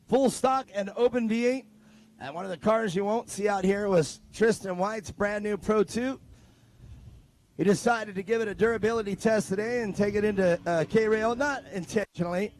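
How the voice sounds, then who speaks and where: A man's voice: high-pitched, darkish tone. Chatty man announcing at a race track. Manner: joking, chatty with drivers and crews. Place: outdoor race track pits. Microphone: handheld mic.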